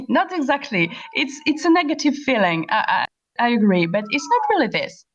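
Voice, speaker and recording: A woman teaching an online class, asking questions patiently and spelling words out slowly. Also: a little high, big pitch swings. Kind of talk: online class explaining a play. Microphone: computer voice call. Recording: lo-fi voice-call audio.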